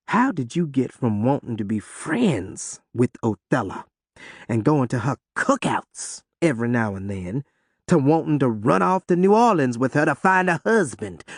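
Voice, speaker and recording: A man voicing a firm, weary middle-aged mother who scolds her daughter in a slow, low southern voice. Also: very animated, dry recording, clean studio sound. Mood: scolding.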